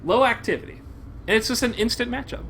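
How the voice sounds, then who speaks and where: A young man streaming a game live, commenting in an excitable, profane way and bursting into shouts. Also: very high-pitched, quick pace, a little hiss or hum.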